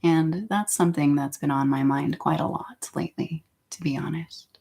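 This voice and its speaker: A woman's voice: deep voice, moderate pace, vocal fry, dark tone. A woman vlogger talking in a casual, meandering way, giggling often between phrases. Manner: meandering, with many fillers and restarts. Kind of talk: casual rambling monologue.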